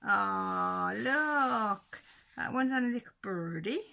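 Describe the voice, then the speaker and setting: Chatty woman, bright gravelly voice. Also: mid-range voice, lively intonation, slow pace. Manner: chatty, chuckling, talks to viewers. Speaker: channel host. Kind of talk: casual book flip-through commentary.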